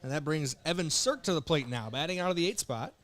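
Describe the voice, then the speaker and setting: A young man from South Dakota calling baseball play-by-play with relaxed, joking banter between pitches while fighting the hiccups. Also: fast. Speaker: play-by-play announcer.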